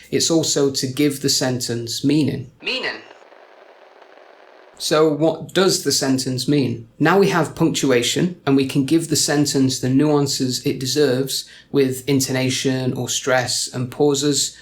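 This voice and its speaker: A young adult man teaching English grammar in a scripted explainer. He speaks clearly and deliberately at a mid pitch, leaning on key words to show how stress works.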